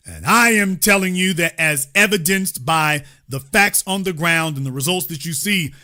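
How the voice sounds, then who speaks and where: A man's voice: fairly high pitch, normal speed, sharp tone. A man hosting a political commentary show, lecturing his audience emphatically and repeating his key points.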